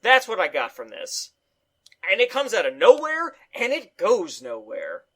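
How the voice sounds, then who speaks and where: A man co-hosting a casual movie review chat, ranting in a profane, animated way. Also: sits high, a little slow.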